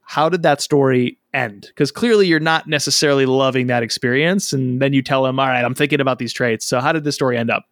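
A man hosts a podcast, speaking at a middle pitch in a measured, conversational way as he asks probing questions. His voice is recorded dry and close, with no room around it. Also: fairly bright tone, no echo. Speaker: podcast host. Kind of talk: casual interview.

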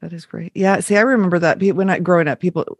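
A woman hosts a casual podcast interview. She speaks in a somewhat low register and reflects out loud, pausing and reaching for words. Her voice is close and dry, with no room echo. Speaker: podcast host.

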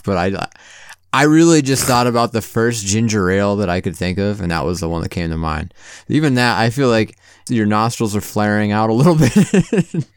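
A man's voice: fairly low pitch, clear, resonant tone, no echo, studio quality. A young man co-hosting a podcast, easygoing and laughing often in casual chat. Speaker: podcast co-host.

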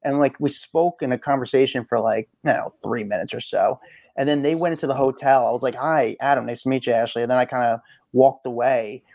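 A man's voice: medium pitch, a little fast, no room sound. Man telling a casual gossip story. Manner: storytelling, animated quoted voices, many fillers. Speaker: podcast co-host. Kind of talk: casual celebrity gossip chat.

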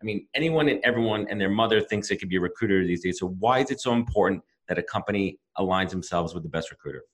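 A man hosting a podcast, chatting enthusiastically with quick interjections. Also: sits low, lively intonation. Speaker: podcast host, recruiter. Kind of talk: casual interview.

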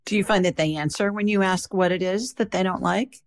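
A woman's voice: mid-range voice, a little fast. A woman hosting a podcast interview, asking curious, short follow-up questions. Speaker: podcast host.

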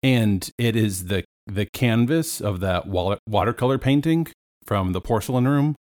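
A man's voice: lowish voice, measured pace, darkish tone. A man playing a tabletop role-playing game, describing his character's actions in a hesitant, thoughtful way with many fillers. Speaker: player.

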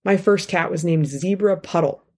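A woman giving a pre-recorded inspirational talk in a lively, playful way, her pitch swooping up for emphasis. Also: moderate pace. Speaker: featured speaker.

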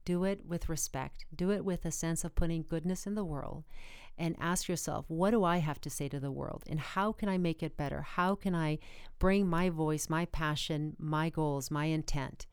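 A woman's voice: deep voice, moderate pace, clean tone, no room sound, clean studio sound. A woman speaking earnestly as a podcast guest, encouraging listeners. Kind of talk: motivational podcast conversation.

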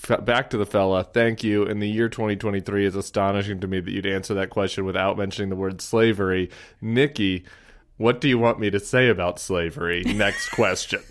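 Guy hosting a political podcast, lowish voice, chatty and animated, laughs a lot. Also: a little fast. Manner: animated, reads out quotes with laughs. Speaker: podcast host. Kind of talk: casual political chat.

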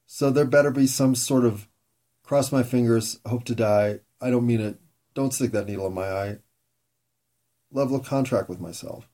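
A man talking through a candid, reflective monologue, rambling with pauses and frequent swearing, self-mocking. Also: medium pitch, warm tone.

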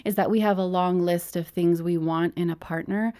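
A woman with a slightly low voice speaks as a counselor guest. She tells stories and gives advice at a measured pace. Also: fairly even intonation, mellow. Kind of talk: conversational interview.

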